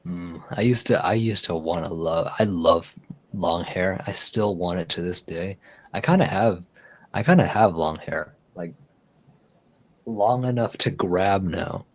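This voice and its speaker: A man's voice: low-pitched, lively intonation, measured pace. A man hosting a casual livestream, chatting in a rambling way with easy laughs and repeated words. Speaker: livestream host. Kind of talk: casual chat.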